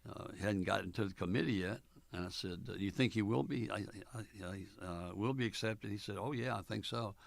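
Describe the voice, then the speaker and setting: An older man, a former college basketball coach, telling stories in an oral history interview in a folksy, unhurried way with many fillers, acting out the dialogue. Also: lowish voice, creaky, no room sound.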